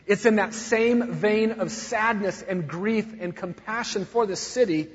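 A man preaching a sermon as a pastor, swinging from soft sorrow to loud fervor. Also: high voice, unhurried, few pauses, slightly rough. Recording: dull recording in a long-echo hall.

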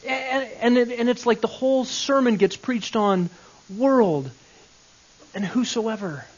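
Guy with a high voice walking a class through bible grammar, asks okay? a lot, kinda dull lo-fi sound. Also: normal speed. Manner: explains step by step, asks checking questions, chuckles often. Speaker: Bible teacher.

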